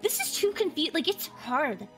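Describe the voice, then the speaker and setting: A woman's voice: sits high, sing-song, normal speed. A woman chatting casually and giggling with friends during an online game. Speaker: gamer. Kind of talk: casual chat while gaming. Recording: loud game music behind.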